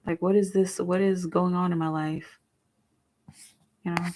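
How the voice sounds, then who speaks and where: A young woman doing a live tarot reading, chatty and rambling, who murmurs softly while she shuffles the cards. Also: lowish voice, flat delivery, measured pace, a little hiss or hum. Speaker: tarot reader.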